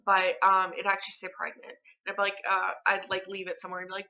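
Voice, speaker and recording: A woman's voice: medium pitch, completely flat delivery, fast, hardly any pauses, sharp tone, dull audio. A young woman vlogging at home, chatting casually and rambling with lots of filler words. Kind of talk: casual chat to camera. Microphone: phone camera.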